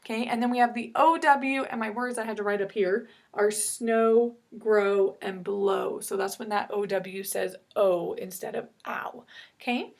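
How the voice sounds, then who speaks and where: A woman teaching an online reading lesson, brisk and explanatory, checking in with "okay?" after each point. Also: medium pitch. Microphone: computer mic with screen share.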